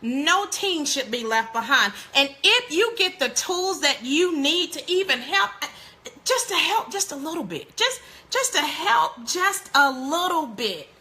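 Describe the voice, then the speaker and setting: Woman host, high and bright, preachy and animated, talks straight to viewers, laughs often. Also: a little slow. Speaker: parenting show host. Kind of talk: live-streamed parenting talk.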